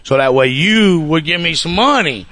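A man's voice: fairly high pitch, animated, moderate pace, sharp tone. A man telling his own sobriety story at a recovery gathering, casual and profane, often checking in with "you know what I'm saying.". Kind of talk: recovery meeting testimony.

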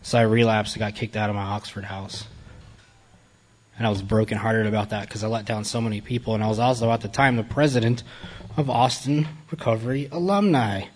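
A man's voice: on the low side, fairly even intonation, fairly quick. A man giving a candid personal testimony to a group, blunt, profane and self-mocking. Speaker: recovery speaker addressing a group.

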